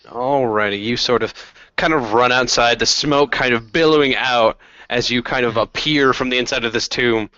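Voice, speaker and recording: A man's voice: medium pitch, moderate pace, pushed and bright, no room sound. A man narrating a tabletop game as dungeon master, loose and laughing, with goofy voices. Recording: muffled, dry home recording.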